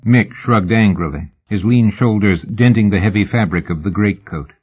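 Male audiobook narrator, measured even reading, lowish voice, narrow phone-line sound. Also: slightly rough.

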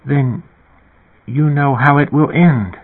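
A man with a husky voice voicing a mysterious young girl who speaks calmly and cryptically. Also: mid-range voice, slow pace, voice pushed up. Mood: cryptic calm. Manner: calm, teasing, cryptic. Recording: tinny phone-like sound.

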